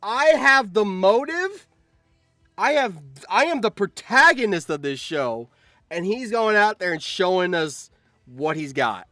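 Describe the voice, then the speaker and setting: A man's voice: high-pitched, animated, a little slow, sharp tone, dry recording, clean studio sound, faint music behind, full character voice. A man voicing a boastful, indignant male goblin who brags that he is the hero. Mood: indignant boasting. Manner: brash, ranting.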